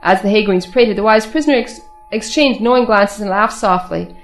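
Fast-reading woman narrator. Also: mid-range voice, faint music behind. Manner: measured formal storytelling. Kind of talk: reading a saint's life aloud.

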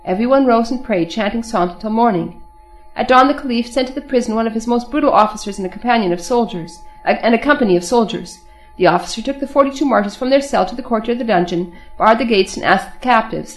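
A woman reading aloud the life of saints as narrator, in a steady, brisk manner. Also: on the high side, faint music behind, low-quality recording.

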